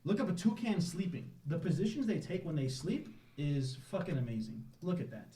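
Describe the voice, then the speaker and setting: A man with a slightly high voice chats loosely on a podcast, rambling, laughing and swearing casually. He sits a little back from the mic in an echoey room. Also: very animated, brisk, dark tone, recorded from a distance. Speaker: podcast co-host. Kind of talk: casual chat.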